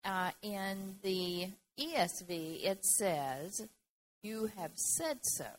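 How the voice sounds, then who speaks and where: Slow-spoken woman reading Bible verses. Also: medium pitch, expressive, a little hiss or hum. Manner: slow and careful, reads verses aloud. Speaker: Bible class member.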